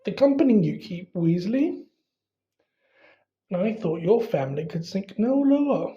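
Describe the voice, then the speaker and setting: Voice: mid-range voice, very animated, highs cut off. A reader doing a sneering aristocratic wizard. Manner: slow, drawling, contemptuous. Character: sneering aristocratic wizard father, cold and cruel.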